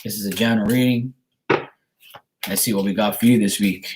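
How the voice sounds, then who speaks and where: A man's voice: on the low side, fairly even intonation, a little fast, background noise. A man giving a live-streamed tarot card reading, talking frankly and greeting his viewers by name.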